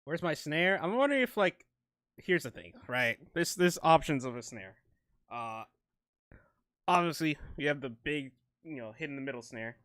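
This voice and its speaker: Bright-voiced young man rambling while producing. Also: fairly high pitch, lively intonation, normal speed, no echo, clean studio sound. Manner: rambling, self-interrupting, laughs often. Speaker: music producer streaming. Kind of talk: casual live-stream talk while producing.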